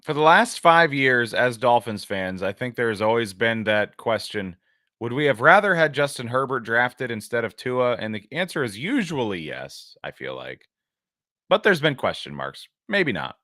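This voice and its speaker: Bright-voiced man on sports podcast. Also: medium pitch, very animated, normal speed, no echo, studio quality. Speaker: podcast co-host. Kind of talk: casual sports talk.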